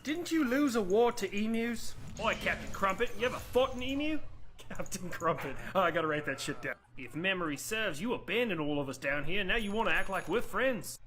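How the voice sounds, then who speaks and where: A man's voice: high voice, lively intonation, brisk, a bit bright. A man playing a cheeky, crude Aussie bloke. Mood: mocking. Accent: Australian. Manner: mocking banter, crude and laughing. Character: brash, cheeky Australian bloke mocking other nations. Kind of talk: comedy sketch voice acting. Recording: played video with music behind.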